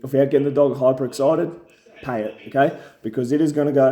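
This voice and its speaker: A young man explains dog training in a casual, down-to-earth way. His voice sits at a middle pitch with a warm, mellow tone, and he keeps checking in with his listeners by asking "okay?". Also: fairly even intonation, brisk. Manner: plain-spoken, repeats "okay?" to check in. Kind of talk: casual instructional talk.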